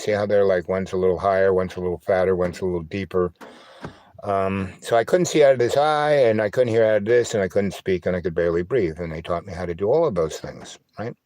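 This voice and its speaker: A man's voice: lowish voice, a little mellow, no room sound. Rambling man with a slight lisp. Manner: halting, filler-heavy, asks "right?" often. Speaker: livestream host. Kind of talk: rambling casual livestream monologue. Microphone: old phone.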